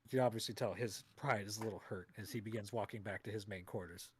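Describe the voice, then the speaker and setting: A man's voice: fairly low pitch, fairly even intonation, fast talker, husky. A man running a tabletop game on a live stream, narrating in a casual way. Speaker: game master.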